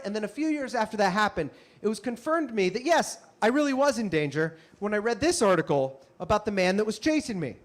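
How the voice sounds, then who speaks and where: A male comedian tells a stand-up story in an animated, punchy manner, tossing in frequent asides. His voice sits very high for a man. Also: a little fast.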